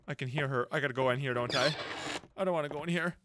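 A man's voice: mid-range voice, rapid-fire, a bit bright, a little hiss or hum. A man doing horror game commentary, jumpy, screaming and laughing nervously. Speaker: gameplay video host.

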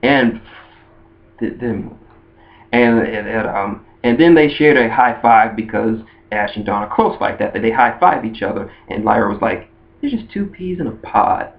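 In a casual fan monologue, an anime video host rambles about a cartoon ship, often beginning sentences again. His voice sits on the low side, gravelly, with lively intonation and a moderate pace. The recording sounds dull and lo-fi.

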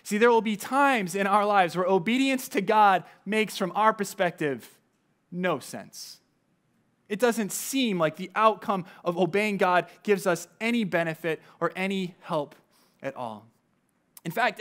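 A man with a fairly high voice preaches a sermon. He keeps it conversational and talks straight to the congregation, often breaking off for asides. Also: unhurried, fairly bright tone. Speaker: pastor.

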